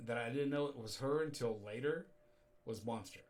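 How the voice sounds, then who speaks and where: A man's voice: mid-range voice, normal speed, recorded from a distance. A man hosting a casual show, telling rambling stories and chuckling along. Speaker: show host. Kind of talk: casual radio show chat.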